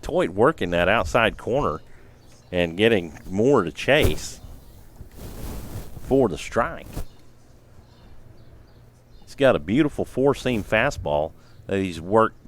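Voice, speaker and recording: A man giving relaxed, explanatory color commentary on a baseball game. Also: fairly low pitch, takes it slowly, pauses often, a little hiss or hum.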